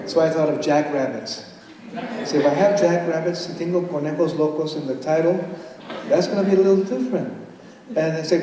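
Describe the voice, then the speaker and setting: Older man, fairly high voice, energetic poet leading a crowd, heard from far back in a reverberant auditorium. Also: moderate pace, pauses often. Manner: playful, switches between English and Spanish, reads with bursts of excitement. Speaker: poet reading to an audience. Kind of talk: live poetry reading with audience call-and-response. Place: large hall at a college event. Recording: echoey hall from far off, audience ambience.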